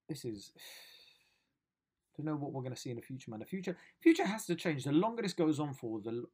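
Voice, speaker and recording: A man hosting a solo comedy podcast, rambling and slangy with lots of bruv and innit. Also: mid-range voice.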